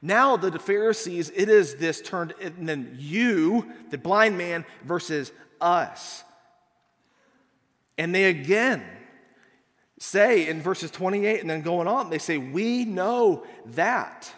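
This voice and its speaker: A man's voice: sits high, slow pace. Man preaching casually in a reverberant hall. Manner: casual, animated, acts out quotes and says "like" a lot. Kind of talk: conversational sermon.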